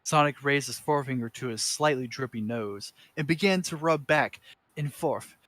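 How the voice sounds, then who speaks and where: Brief: man, medium pitch, dramatic comedic narration, trips over words and corrects himself. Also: moderate pace, fairly bright tone, no room sound. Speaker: reader. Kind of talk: comedic fanfiction reading.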